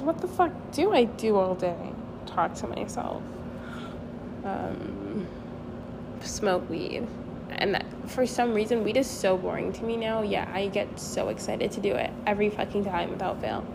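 A woman's voice: on the high side, measured pace, gravelly, noisy background. A young woman vlogging in a casual rambling monologue, candid and swearing, laughing at herself. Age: young adult.

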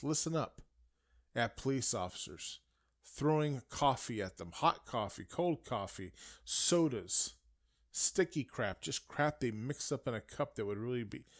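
A man delivering an indignant political rant, swinging between raised outbursts and low muttering asides. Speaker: political commentator. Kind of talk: ranting monologue.

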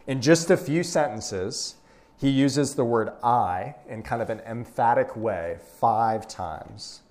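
A man's voice: medium pitch, slow, darkish tone. A young man, preaching a sermon to a room in a conversational, folksy way with asides.

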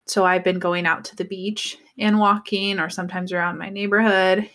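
A woman's voice: medium pitch, moderate pace. Young woman on a podcast, chatty storyteller, does the voices in her quotes. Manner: animated storyteller acting out quotes. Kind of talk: casual chat.

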